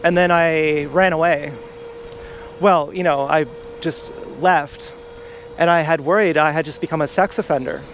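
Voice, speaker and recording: A man's voice: a little high, steady tone, a little slow. A man telling a personal story outdoors in a rambling, confessional way, swearing freely. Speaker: vlogger. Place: outdoors in a town, walking around. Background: faint urban traffic.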